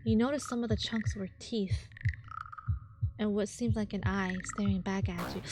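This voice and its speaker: A woman's voice: medium pitch, fairly even intonation, a little slow, noisy background. A young woman streamer reading a horror visual novel aloud, reacting jumpily with squeals at the scares. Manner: jumpy, squeals and shrieks at scares. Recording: background music.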